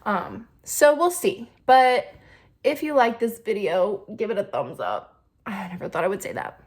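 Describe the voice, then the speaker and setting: Young woman, casual storytime vlog, fast chatty talk with ums and likes, recorded on a phone. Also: mid-range voice, animated, a little mellow. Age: 20s. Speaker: YouTuber. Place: home kitchen, seated by the fridge. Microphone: phone camera.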